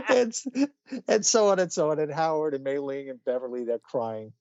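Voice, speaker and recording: In a dry, dull lo-fi recording without room sound, a middle-aged man co-hosting a comics review podcast chats in a rambling way, restarting, correcting himself, and chuckling in asides. His slightly high voice is very animated, smooth, and a little mellow, at a normal speed.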